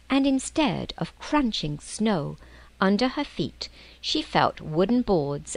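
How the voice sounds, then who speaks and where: Expressive woman narrating a storybook. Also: medium pitch, dry recording, rough recording. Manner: expressive, slowing to soft whispers in tense passages. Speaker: audiobook narrator.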